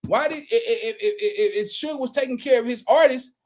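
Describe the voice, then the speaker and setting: A man with a fairly high voice talks straight to his viewers in loose, slangy commentary. He presses his points hard and keeps repeating and restarting his words. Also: fairly quick, darkish tone. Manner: emphatic, slangy, repeats himself. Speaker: reaction vlogger. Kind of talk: casual commentary.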